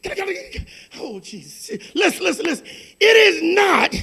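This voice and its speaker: A man preaching a fervent sermon as pastor, dropping to a hush and then building to shouted, repeated lines. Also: extremely high pitch, very animated, normal speed, vocal fry.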